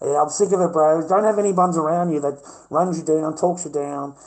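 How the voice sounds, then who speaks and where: Brief: middle-aged Australian man, fairly high-pitched, rough-tongued livestream ranter, combative and profane. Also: steady tone, a little fast, rough recording. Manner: brash, combative, swearing constantly.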